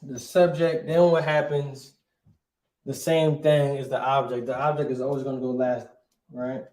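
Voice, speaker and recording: A man teaching a casual online language class, checking in with "right?" after nearly every phrase and sounding out words slowly. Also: medium pitch, little pitch movement, a little mellow. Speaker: Hebrew teacher. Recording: echoey room.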